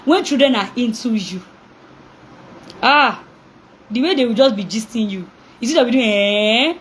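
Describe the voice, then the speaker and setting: A young woman coaching parents in an animated talk, acting out reactions, laughing often and asking call-and-response questions. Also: on the high side, normal speed, a little hiss or hum, rough recording.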